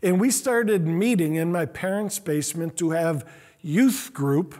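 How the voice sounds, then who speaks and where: A man's voice: on the high side, unhurried, darkish tone. A middle-aged man, a pastor, telling a story in a sermon in an earnest, self-deprecating way. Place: church sanctuary.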